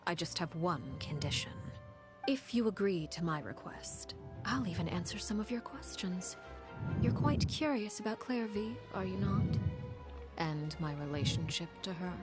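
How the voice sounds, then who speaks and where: An actress playing a cold, calculating woman leader in a game, speaking in a calm, measured, commanding way. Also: lowish voice, natural voice. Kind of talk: game voice acting. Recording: game audio with music.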